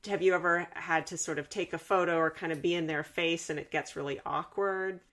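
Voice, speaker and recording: A woman's voice: on the low side, steady tone, a little fast, a bit bright. A woman hosting a podcast, asking long, thoughtful questions in a casual chat. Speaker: podcast host.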